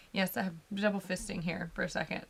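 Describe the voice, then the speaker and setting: This whiskey tasting livestream co-host has a medium-pitched, creaky voice with fairly even intonation at a normal speed. She keeps the chat casual, laughing often and talking over her co-host.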